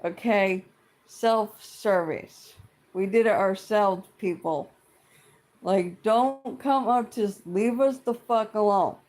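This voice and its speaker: Slow-talking blunt middle-aged ranter. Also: medium pitch, a little mellow. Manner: blunt and exasperated, heavy swearing, repeats itself. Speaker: vlogger. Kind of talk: casual profane rant to camera.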